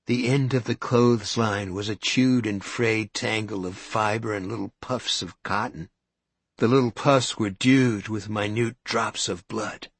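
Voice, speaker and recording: A man reading a story aloud as narrator, with a measured, suspenseful delivery. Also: on the low side, fairly even intonation, breathy edge, no room sound. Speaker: audiobook narrator. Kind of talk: scripted narration.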